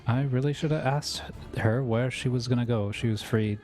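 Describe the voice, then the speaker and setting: A man's voice: medium pitch, normal speed, a little mellow, faint music behind. A man playing a tabletop role-playing game, tentatively describing his character's actions. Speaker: player.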